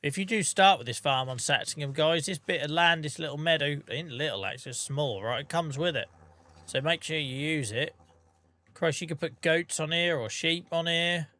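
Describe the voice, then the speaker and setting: A man's voice: a little high, moderate pace, pushed and bright. A man streaming a game, chatting casually with his viewers by name and humming to himself between remarks. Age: adult with a day job. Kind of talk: casual livestream chat while gaming.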